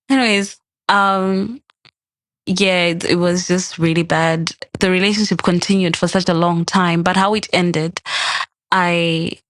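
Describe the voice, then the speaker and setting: Her voice lowish and slow, with no room sound, a young woman guesting on a podcast shares a personal story casually. She's animated, acting out the lines she quotes.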